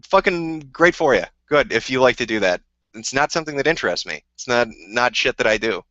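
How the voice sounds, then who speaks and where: In a casual ranting live stream, a man takes viewer questions with rambling, profane combativeness. He's animated and fairly quick, with a mid-range, sharp voice, and the dull lo-fi audio is dry with no echo.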